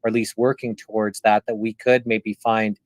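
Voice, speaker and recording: A man's voice: fairly low pitch, level tone, moderate pace, no echo. A man from Canada hosting a casual interview, asking rambling, reflective questions. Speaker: interviewer, channel host.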